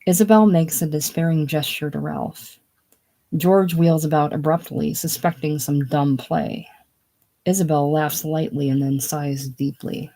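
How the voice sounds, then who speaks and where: A reader speaks the stage directions in a plain, matter-of-fact way. The delivery is casual and even. The voice sits mid-pitch. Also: a little slow, gravelly.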